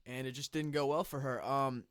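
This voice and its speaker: A man hosting casual reaction commentary. He talks conversationally with restarts and clears his throat now and then, a little phlegmy from the cold. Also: medium pitch, steady tone, normal speed, no room sound, clean studio sound. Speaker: commentary channel host.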